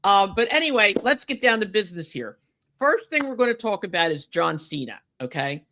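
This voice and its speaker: A woman's voice: mid-range voice, big pitch swings, brisk, sharp tone, slight background noise. A woman co-hosting a podcast, chatting casually and getting indignant about a wrestling match, with lots of fillers and restarts. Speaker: podcast co-host.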